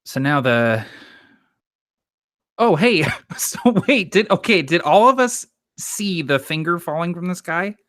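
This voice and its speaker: Eager male player with a bright, forceful voice, recorded dry. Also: a little high, animated, unhurried, dry recording. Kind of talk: casual chat at a game table.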